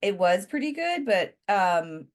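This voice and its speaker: A woman's voice: medium pitch, big pitch swings, unhurried. Easygoing woman co-host. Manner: easygoing, agreeable banter. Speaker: podcast co-host. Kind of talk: casual travel chat.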